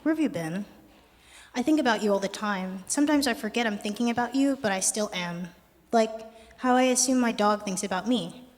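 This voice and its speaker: A young adult poet giving a poetry reading with a wry, conversational, deadpan delivery. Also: medium pitch, fairly quick. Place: art gallery performance space. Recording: long reverb of a gallery hall.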